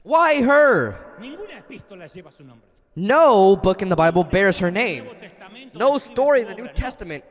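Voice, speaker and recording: Animated high-voiced male preacher. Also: normal speed. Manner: dramatic storytelling, shifts between loud and hushed. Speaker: pastor. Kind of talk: sermon. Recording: long hall reverb.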